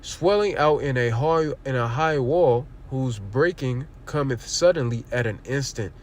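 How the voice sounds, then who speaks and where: A man leads a streamed scripture lesson at an ordinary middle pitch. He reads each verse and then breaks it down bluntly, asking rhetorical questions and swearing freely. Faint noise sits behind him. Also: animated, unhurried. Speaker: livestream preacher.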